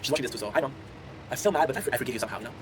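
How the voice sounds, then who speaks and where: Background noise surrounds this man in his twenties, whose medium-pitched voice races as he chats with viewers on his stream. The content creator laughs a lot and drifts through rambling stories.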